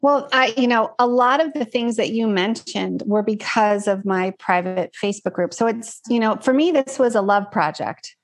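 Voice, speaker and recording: Guest, woman; warm-hearted earnest talker, wandering phrasing. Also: on the high side, normal speed, hardly any pauses. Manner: earnest, reflective, rambling with fillers. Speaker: guest, card deck creator. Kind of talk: casual interview chat.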